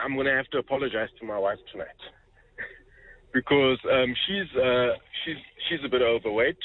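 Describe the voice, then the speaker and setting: A man's voice: medium pitch, slight background noise. A man calling into a radio show, rambling and hesitant, full of fillers. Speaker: caller. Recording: phone line.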